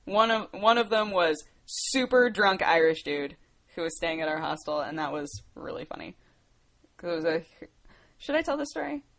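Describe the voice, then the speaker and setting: Her voice sits on the low side but swings widely in pitch, with a slightly bright tone and normal speed. She's an American livestream host in her twenties, casually rambling and laughing as she responds to viewers' questions.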